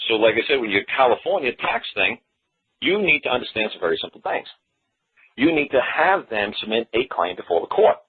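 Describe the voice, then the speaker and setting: Husky man talking over a phone line. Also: mid-range voice. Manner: blunt, folksy, rambling. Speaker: show host. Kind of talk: call-in talk monologue. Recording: tinny phone-line sound.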